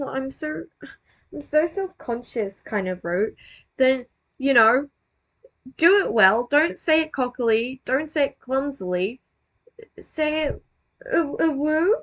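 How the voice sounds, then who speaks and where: A woman's voice: sits high, a bit bright. A woman giving casual, self-deprecating commentary on her own old video, rambling, swearing and restarting her sentences.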